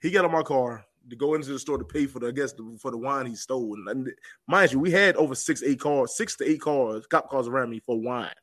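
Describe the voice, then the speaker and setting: Man of middle pitch, podcast guest, lively retelling with lots of repetition. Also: a little fast. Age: adult with children. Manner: animated, repeats phrases for emphasis. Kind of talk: casual storytelling.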